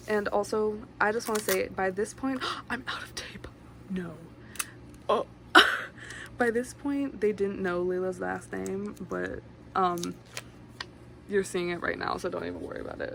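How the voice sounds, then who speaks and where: A woman's voice: medium pitch, gravelly. A young woman casually summarizing a book at home, rambling with lots of fillers and side comments. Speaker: book vlogger. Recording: noisy room with a fan running.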